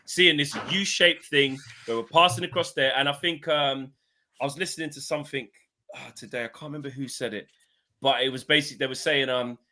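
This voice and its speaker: A man's voice: medium pitch, fairly even intonation, fairly quick, bright, forceful tone. A man speaking as a football pundit in a casual panel debate, fed up and complaining emphatically.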